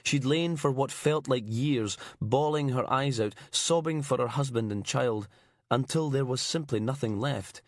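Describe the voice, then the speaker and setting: A man narrating a crime thriller audiobook in a measured, grim storytelling manner. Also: mid-range voice, dry recording, studio quality. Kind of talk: scripted narration.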